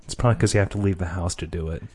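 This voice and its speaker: A man co-hosting a comedy podcast with his brother, trading deadpan jokes and breaking into laughter. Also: deep voice, rapid-fire, slightly rough. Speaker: podcast co-host. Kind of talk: casual comedic banter between brothers.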